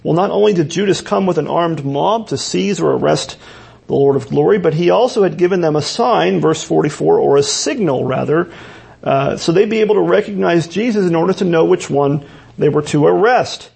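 A man's voice: fairly high pitch, normal speed, gravelly, a little mellow, slightly rough. A man preaching an expository sermon as a pastor, earnest and explanatory, often restarting his phrases.

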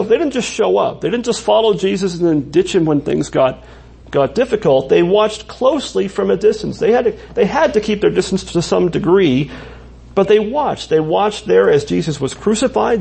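A man's voice: high voice, gravelly, darkish tone, slightly rough. A male pastor preaching a sermon in church, talking conversationally with asides and frequent restarts.

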